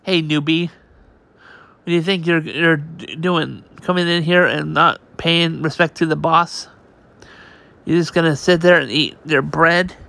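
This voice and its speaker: A man's voice: a little high, fairly even intonation, a little slow, vocal fry, pushed and bright, heavily acted. A man doing a taunting prison bully. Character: gruff male prison inmate bullying a newcomer.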